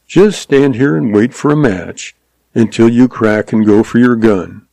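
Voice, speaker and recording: A cool Old West gunfighter, put on by a man reading a story, drawls every taunt slowly and mockingly. The voice is a touch raised over the reader's own, yet stays dark and gravelly, recorded dry and close. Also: mid-range voice, no room sound.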